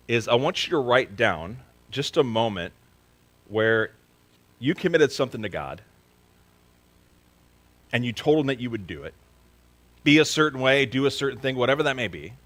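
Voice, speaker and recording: A man's voice: mid-range voice, low-quality recording. A man preaching a sermon at a church service, earnest and questioning his listeners directly, becoming emphatic to stress a point. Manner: grows emphatic and louder when stressing a point. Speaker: pastor.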